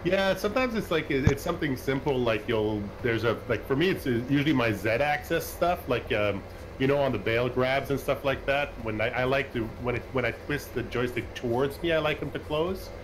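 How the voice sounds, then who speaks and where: A man's voice: mid-range voice, brisk. A man from Canada chatting casually on a livestream, rambling with restarts and fillers. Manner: relaxed, rambling, many restarts. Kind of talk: casual chat. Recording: audible background noise.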